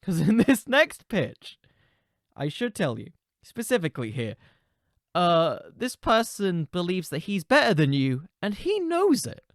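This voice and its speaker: A man hosting a comedic podcast, pitching silly storylines in an animated, rambling way. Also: measured pace. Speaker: podcast host.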